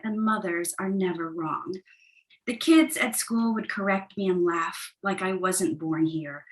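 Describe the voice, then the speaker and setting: A woman from the United States reads her own poetry in a soft, measured way, with the sound of a video call. Her pitch sits in the middle range. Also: low-quality recording. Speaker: poet. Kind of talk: poetry reading.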